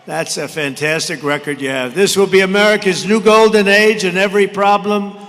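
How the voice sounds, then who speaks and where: A man in his seventies giving a rambling campaign rally speech at a podium microphone, brash and mocking, shouting some lines. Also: high-pitched, moderate pace. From United States. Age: 70s. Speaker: political candidate at a rally. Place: large arena. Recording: reverberant arena with faint crowd noise.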